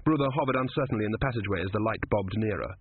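A man narrating a story in a measured, even storytelling voice, recorded with a dry, phone-like sound. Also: on the low side, a little hiss or hum. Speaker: audiobook narrator. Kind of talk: scripted narration.

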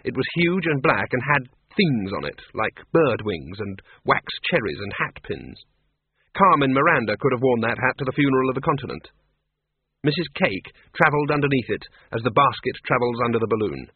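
A man's voice: mid-range voice, sing-song, moderate pace, husky, no room sound. A man narrating a story with dry, wry timing. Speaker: audiobook narrator. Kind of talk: scripted narration. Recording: tinny radio broadcast.

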